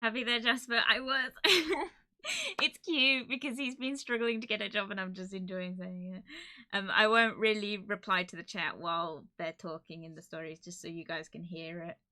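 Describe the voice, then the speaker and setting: A woman's voice: mid-range voice, steady tone, normal speed, bright, forceful tone. A woman from Cornwall chatting casually and giggling while streaming a game. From Cornwall, England. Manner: giggly, playful.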